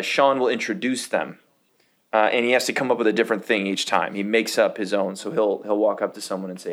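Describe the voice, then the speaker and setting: Lowish-voiced guy on a podcast, rambling storyteller, trips over his words. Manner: rambling, self-correcting storyteller. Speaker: podcast co-host. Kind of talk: casual chat.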